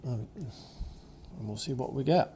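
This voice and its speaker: A man working as a dog trainer, speaking calmly and softly as he gently coaxes a wary dog, recorded on a camera mic indoors. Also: mid-range voice, takes it slowly, slight background noise. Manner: calm, soft-spoken, gently coaxing the dog. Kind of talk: casual running commentary during a dog session. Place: indoors, in a room with the dogs.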